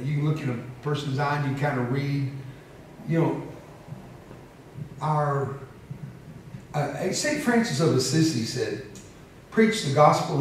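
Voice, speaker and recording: A man's voice: mid-range voice, slight background noise. A man in his seventies giving a storytelling speech to an audience, humorous and emotional, often laughing. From United States. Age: 70s. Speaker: motivational speaker. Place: large hall with an audience. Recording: echoey hall, heard from a distance.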